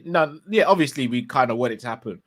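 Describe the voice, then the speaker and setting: A man co-hosting a live fan show, reading out viewer questions in a relaxed way. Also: mid-range voice, fast talker. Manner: relaxed, laughing, asks questions. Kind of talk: casual live-stream chat.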